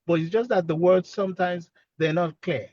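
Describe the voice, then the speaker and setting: A man with an accent giving gentle, encouraging speech advice over a video call from his car. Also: high voice, normal speed, no echo, muffled recording. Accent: non-native English accent. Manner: gentle, encouraging, acts out example dialogues. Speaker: speech-language pathologist, expert guest.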